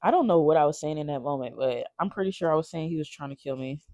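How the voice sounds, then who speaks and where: A man telling a painful personal story off the cuff, emotional and halting, swearing and restarting often. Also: a little high, a little mellow, no room sound. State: shaken while recounting.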